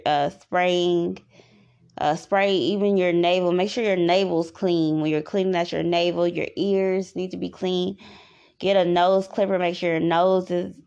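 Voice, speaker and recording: A woman's voice: on the low side, a little mellow, clear, resonant tone, lo-fi sound. A woman hosting a podcast, giving rambling, repetitive advice in a casual monologue. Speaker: podcast host.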